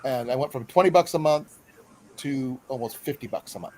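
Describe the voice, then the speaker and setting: A man hosts a casual live stream and rambles along in a friendly way, stopping for plenty of fillers. His voice sits at a middle pitch. Faint hiss and ambience run underneath. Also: moderate pace, a little mellow, poor audio. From Iowa. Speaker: host.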